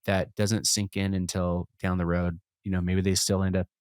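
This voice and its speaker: Low-voiced reflective man, dry mic. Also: level tone, normal speed, clear, resonant tone, no room sound. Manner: reflective, rambling with restarts and laughs. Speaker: podcast guest, musician and entrepreneur. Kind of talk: casual conversation.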